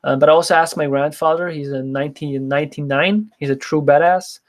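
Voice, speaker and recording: A man's voice: on the high side, steady tone, a little fast. A young man, a nutrition coach, talking casually and chattily with fillers. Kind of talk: casual talk to an audience.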